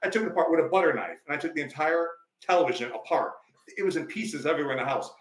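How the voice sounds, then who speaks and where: A man's voice: fairly high pitch, animated, racing, reverberant, low-quality recording. A male life coach, a podcast guest, telling stories emphatically in a preachy, conversational way.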